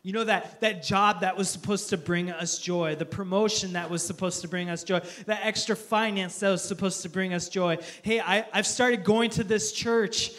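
A male pastor delivering a sermon in an earnest, heartfelt way. He repeats key phrases and often stumbles into restarts. His voice sits noticeably high for a man. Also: steady tone, normal speed, hardly any pauses, a bit bright. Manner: earnest, repetitive, stammering restarts.

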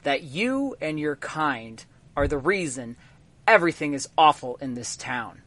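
A cold, mocking villainess from a tabletop game, voiced by a man. She talks down with unhurried contempt. The voice sits rather high and moves slowly. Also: very animated, fairly bright tone, no room sound. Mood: scornful. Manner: contemptuous, slow lecturing.

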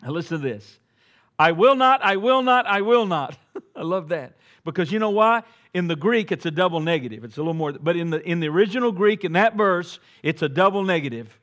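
A middle-aged man preaching a sermon to a church congregation, talking conversationally and swelling to loud, emphatic peaks, with joking asides. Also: a little high, expressive, fast talker. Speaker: pastor. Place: church sanctuary before a congregation.

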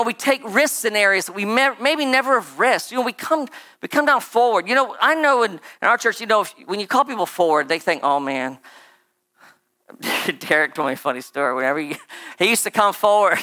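A preacher giving a casual, conversational sermon, rambling and animated with lots of "like" and "right?" asides. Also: medium pitch, moderate pace.

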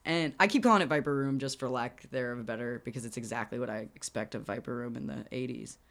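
A woman's voice: a bass voice, quick pace. A young woman co-hosting a casual chat about a movie, laughing often, swearing, and acting out scenes. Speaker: podcast co-host.

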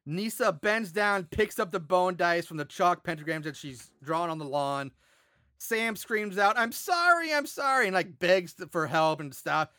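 A man with a high, bright voice co-hosts a casual movie podcast and walks through the plot in an animated, cursing way. He laughs easily and keeps the retelling loose. The sound is dry and close. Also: unhurried, dry recording. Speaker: podcast co-host. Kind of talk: casual movie recap chat.

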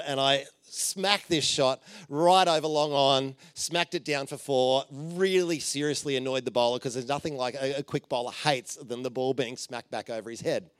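A man's voice: on the high side, clean tone, no room sound. Joking, story-driven male preacher. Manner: informal and joking, with many fillers and playful asides; animated storytelling, dropping soft for emphasis. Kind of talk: conversational sermon.

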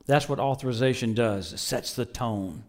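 A middle-aged man preaching a sermon, telling stories with lively swings between loud bursts and low murmurs, laughing often. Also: moderate pace. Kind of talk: sermon with storytelling.

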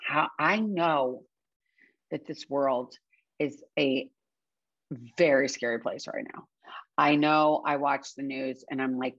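A woman's voice: low-pitched, measured pace, a bit bright, dry recording. A woman giving casual motivational advice about recovery, earnest and frank, swearing casually and repeating her points for emphasis. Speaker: recovery speaker sharing advice. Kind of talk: casual motivational talk to camera. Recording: dull, dry lo-fi recording.

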